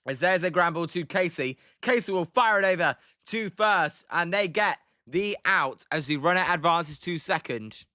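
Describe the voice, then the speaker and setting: With a high, expressive, bright and forceful voice at a moderate pace and few pauses, a British man streams live play-by-play of a baseball game. The recording is dry and studio quality. He keeps up chatty commentary, reads the chat aloud and uses many ums between plays.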